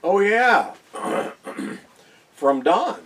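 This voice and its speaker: A man's voice: high voice, sing-song, very slow, a bit bright, slightly rough, recorded from a distance. An older man co-hosting a casual chat podcast, dropping joking, teasing asides. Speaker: podcast co-host.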